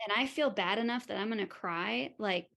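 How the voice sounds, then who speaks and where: A woman's voice: mid-range voice, moderate pace, gravelly, bright, forceful tone. A woman speaking as a podcast guest, telling a personal story openly and frankly, laughing at herself and acting out what other people said.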